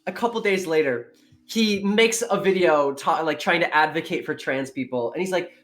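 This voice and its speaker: A woman guest in casual chat, telling an animated story, swearing freely and acting out quotes. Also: deep voice, moderate pace.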